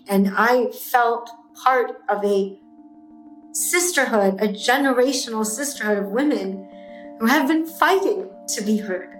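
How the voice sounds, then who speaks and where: Intense, emphatic woman in a roomy space. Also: on the high side. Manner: intense, emphatic, swears when fired up. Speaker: guest, entrepreneur. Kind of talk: emotional interview talk. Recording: roomy echo.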